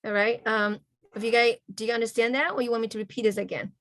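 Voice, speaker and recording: A woman teaching a language class over a video call. She spells out letters and sounds slowly and keeps checking in with "okay?" after nearly every point. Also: a little high, little pitch movement, a bit bright, no echo. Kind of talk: online language lesson.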